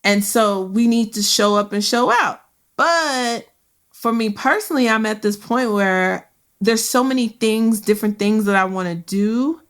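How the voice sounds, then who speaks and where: A woman's voice: a little high, a little slow. A woman hosting a career podcast, talking in an emphatic, colloquial way with repeated phrases for emphasis. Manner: emphatic, colloquial, preacher-like repetition. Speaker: podcast host. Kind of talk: casual podcast chat.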